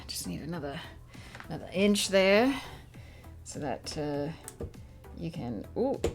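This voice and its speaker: A woman streamer chatting casually on a live stream, talking along while she fiddles with props. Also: on the low side. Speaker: streamer and writer.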